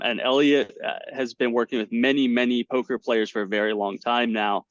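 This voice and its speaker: A man, a poker commentator, telling stories in a casual interview over a video call, animated and full of fillers and restarts. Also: mid-range voice, no room sound. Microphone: webcam setup at home. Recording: dull, dry lo-fi call audio.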